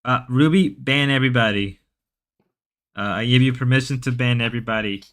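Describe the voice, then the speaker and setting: Male livestream host, bright and crisp, mid-pitched, casual chat delivery that rambles and stumbles as he reads chat aloud. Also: a little fast.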